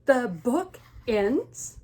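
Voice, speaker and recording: A woman reading a picture book aloud, voicing an excitable, easily panicked male elephant with loud, high, stretched-out cries. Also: full character voice. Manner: loud, high, drawn-out exclaiming.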